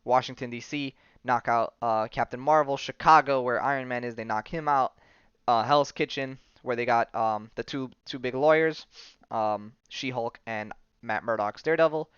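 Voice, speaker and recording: A man's voice: medium pitch, moderate pace, fairly bright tone, clear, resonant tone, no room sound, muffled recording. Man rambling through a comic recap. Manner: rambling storytelling with many fillers, briefly acting out characters' lines. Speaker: podcast host. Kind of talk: casual comic book recap.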